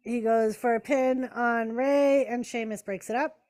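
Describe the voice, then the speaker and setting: A woman's voice: fairly high pitch, steady tone, a little slow, a little mellow. A woman hosting a casual live-stream watch party, chatting with viewers, calling the action and talking to her pets. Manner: chatty, answers chat and talks to her pets.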